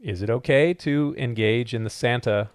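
A man co-hosting a casual podcast, playful and quick to joke. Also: medium pitch, dry recording, studio quality. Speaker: podcast co-host.

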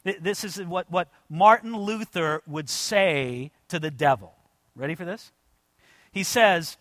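A pastor with a high, bright voice preaching a sermon with dramatic swings between hushed asides and loud, drawn-out proclamations. He talks directly to his congregation as "friends." The sound is close and dry. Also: dry recording. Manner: emphatic, addresses the congregation as "friends"; swings from quiet asides to loud, slowed-down declarations.

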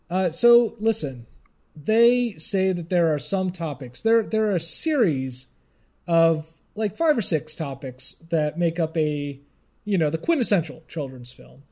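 High-voiced man rambling casually. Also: lively intonation, a little slow, dark tone. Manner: rambling, laughs often, restarts and trails off. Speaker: podcast co-host. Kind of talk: casual chat.

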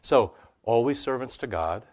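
A man answering questions about scripture in a conversational teaching style, animated and full of "you know" and "right?" asides. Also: mid-range voice, normal speed.

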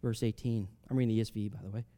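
A man's voice: fairly low pitch, fairly even intonation, rapid-fire. Man preaching a casual, emphatic sermon. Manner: conversational, with sudden loud emphatic rises and soft drops; reads scripture aloud, then explains it casually with fillers.

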